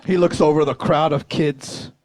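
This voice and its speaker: A man in his forties performing a high-energy stand-up set, telling a story animatedly on a comedy club stage. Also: steady tone, normal speed, a little mellow, no room sound.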